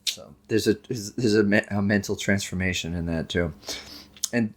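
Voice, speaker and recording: A man with a fairly low voice co-hosts a casual podcast. He retells a horror film in an animated, joking way, dropping into quick voices for the characters. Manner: jokey, animated retelling with put-on quotes. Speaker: podcast co-host. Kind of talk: casual movie recap chat.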